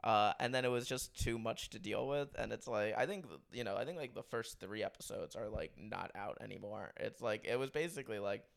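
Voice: mid-range voice, fairly quick, vocal fry, hardly any pauses. A podcast producer chatting casually, hesitant and filler-heavy.

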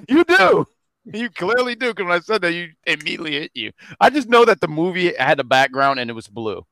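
A man co-hosting a podcast in casual chat, animated and prone to laughing and tripping over his words. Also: sits high, a little fast, no room sound. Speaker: podcast co-host.

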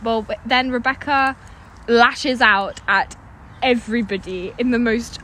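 A woman's voice: fairly high pitch, fairly even intonation, unhurried, a bit bright, a little hiss or hum. A young British woman chatting casually as a podcast co-host outdoors in a forest, retelling scenes with quoted lines. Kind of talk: casual chat.

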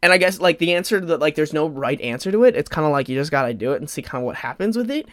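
A man's voice: on the high side, lively intonation, rapid-fire, fairly bright tone, dry recording. A man in his twenties hosting a solo podcast, rambling with constant "like" fillers and restarts, openly emotional. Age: 20s. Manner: rambling, heavy use of "like" fillers, frequent restarts; emotional, openly close to tears at times. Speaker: podcast host. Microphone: podcast microphone.

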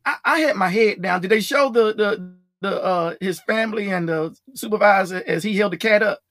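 A podcast host chatting casually, animated and laughing a lot, with drawn-out exclamations. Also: mid-range voice, no room sound. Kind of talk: casual chat.

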